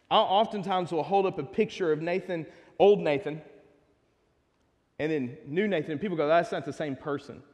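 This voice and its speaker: A man's voice: a little high, a little mellow. A man with a Texas accent, preaching a casual sermon as pastor, chatty and joking, with asides to the congregation. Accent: Texan. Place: church sanctuary. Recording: long hall reverb.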